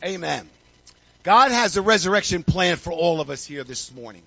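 A male pastor preaching a sermon with call-and-response, building up to shouting. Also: high-pitched, animated, normal speed, creaky, slightly rough, no echo, muffled recording.

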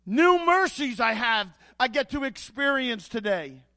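Male pastor, sermon, very high voice, slow deliberate delivery, emphatic, repeated rhetorical questions. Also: big pitch swings, sharp tone.

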